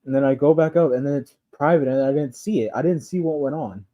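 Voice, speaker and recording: On a dull lo-fi recording, a man with a fairly high, warm voice rants casually at a fast clip. His delivery is loose, rambling and profane, packed with fillers and laughs.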